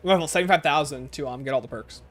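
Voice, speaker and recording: A man chatting casually on a gaming livestream, answering viewer comments and reeling off long lists in quick succession. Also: a bit bright, faint music behind. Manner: rapid-fire listing, sliding up and down in pitch.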